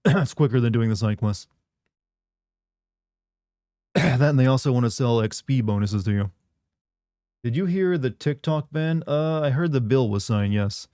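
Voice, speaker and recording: A man's voice: medium pitch, dark tone, dry recording, studio quality. A man streaming a game, chatting casually with viewers in a rambling, sardonic way. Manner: rambling, sardonic, many "like" fillers.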